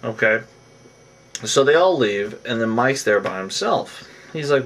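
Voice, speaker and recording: A man casually recapping a reality TV episode, rambling and animated, acting out what the cast said. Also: medium pitch, measured pace, distant mic. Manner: rambling, animated, acts out cast members' lines.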